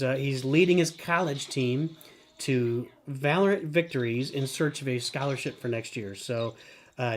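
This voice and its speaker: This middle-aged man, speaking at medium pitch, hosts a live game stream. He keeps up running commentary, often refers to himself by name in the third person, and bursts into excited shouts.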